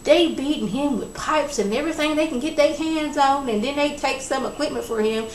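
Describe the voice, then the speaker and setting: A woman's voice: sits high, brisk. Chatty woman recapping in an echoey room. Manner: animated, acts out characters' lines. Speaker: TV episode reviewer. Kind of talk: casual recap and commentary. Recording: echoey room with faint background noise.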